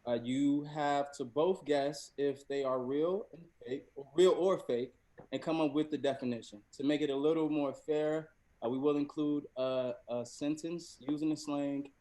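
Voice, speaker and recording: A man's voice: on the high side, fairly even intonation, moderate pace, warm tone. A man presenting a quiz game, polite and a bit sheepish. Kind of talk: explaining a game.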